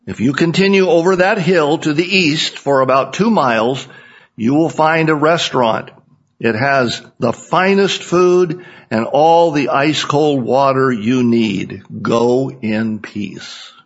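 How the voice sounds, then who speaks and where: Joke figure: a patient, polite little old tie seller, put on by a man, slow-spoken and husky. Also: mid-range voice, muffled recording, full character voice. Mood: calm. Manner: calm, polite.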